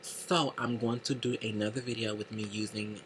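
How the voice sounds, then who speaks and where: A man unboxing makeup for a casual beauty vlog, talking in a gushing, excitable way with heavy cursing. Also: lowish voice, moderate pace, noisy background. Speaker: beauty vlogger. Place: indoor room lit by a makeup light.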